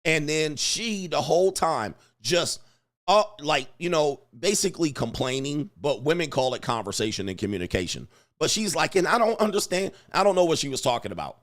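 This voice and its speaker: A middle-aged man on a relaxed livestream tells a slangy, laugh-filled story and reads chat aloud. His animated voice leans high and moves at a normal pace.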